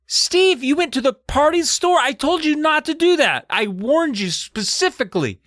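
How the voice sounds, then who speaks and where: A man voicing an exasperated teenage girl who scolds in a high put-on voice. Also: expressive, moderate pace, fairly bright tone, no room sound, studio quality. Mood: scolding.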